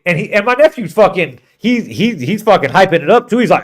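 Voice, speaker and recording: A man's voice: high voice, big pitch swings, moderate pace. A man on a podcast telling a long, profane road-trip story in casual chat. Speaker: podcast co-host.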